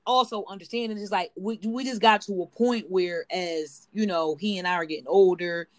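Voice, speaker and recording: A woman's voice: mid-range voice, moderate pace, no room sound. A woman co-hosting a casual podcast chat, telling a personal story with lots of fillers and AAVE speech. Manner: storytelling, rambling with many fillers. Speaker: podcast co-host.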